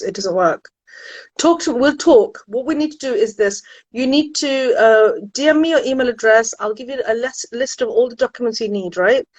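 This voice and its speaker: Streaming live from home, a woman who works in university admissions consulting talks with her viewers in a chatty, lively way full of exclamations. Her voice runs slightly high, and the sound is lo-fi with no echo.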